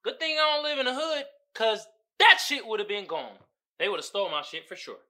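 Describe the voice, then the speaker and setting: A man's voice: high voice, very animated, brisk, bright, forceful tone. A man hosting a podcast, riffing casually on memes with profane slang and frequent laughter. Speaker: podcast host. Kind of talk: casual comedic commentary on memes.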